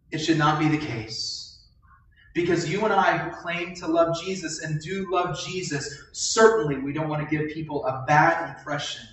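A pastor preaching a sermon in a church, telling stories and asking the congregation questions. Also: male voice, fairly high pitch. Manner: animated storytelling with questions to the congregation. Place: church sanctuary. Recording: echoey hall, voice from a distance.

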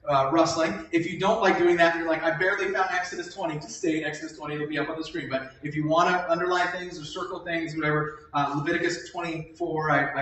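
A man's voice: on the high side, fairly bright tone. A male pastor giving a sermon to his congregation, asking them questions and stretching out words for emphasis. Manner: preaching with call-and-response questions, drawn-out emphasis. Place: church sanctuary during a service. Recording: very echoey church, voice from a distance.

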